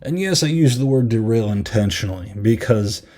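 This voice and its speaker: Low mellow man rambling casually. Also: lively intonation. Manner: rambling, filler-heavy recap with frequent "like" and "um"; easily amused, retells scenes with quick half-acted quotes. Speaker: podcast host reviewing a horror film. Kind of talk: casual chat.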